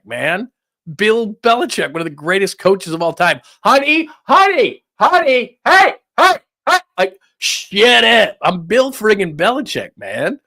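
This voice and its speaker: A man's voice: a little high, fairly bright tone, no echo, studio quality. A middle-aged man hosting sports talk, ranting casually with stammered restarts and disbelief. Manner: rambling, incredulous, stammering restarts.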